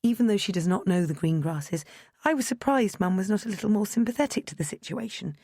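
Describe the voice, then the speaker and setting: A woman narrating a first-person audiobook in a measured, gently expressive storytelling manner, recorded on a close studio mic. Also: mid-range voice, no echo.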